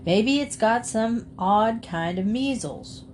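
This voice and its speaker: Lady doing a small stubborn country guy arguing, slow and plain. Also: on the high side, animated, a little hiss or hum. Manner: argumentative. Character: contrary stubborn little country man.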